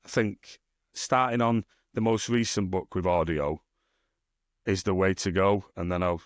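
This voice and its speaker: A man's voice: sits low, steady tone, measured pace, no echo, studio quality. A man with a Northern English accent chatting on a podcast, rambling and swearing freely as he teases his co-host. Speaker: podcast co-host and self-published author. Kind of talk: casual podcast chat.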